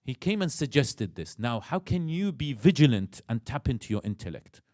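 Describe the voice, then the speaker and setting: A man with an Iraqi accent gives a religious lecture in a mosque. His delivery is animated, and he acts out inner voices and questions his listeners. The sound is dry and close, with a mid-pitched voice. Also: normal speed, no room sound.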